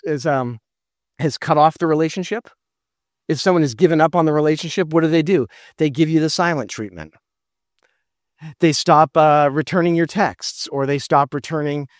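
Brief: male pastor, high voice, earnest sermon delivery, dry close sound. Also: no echo. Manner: earnest, asks rhetorical questions.

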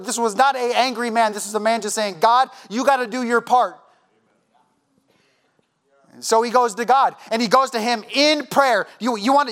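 The preacher's voice is extremely high and fairly bright. Standing in a church sanctuary, he speaks with passion and a conversational ease, voicing the people he quotes and returning again and again to his point.

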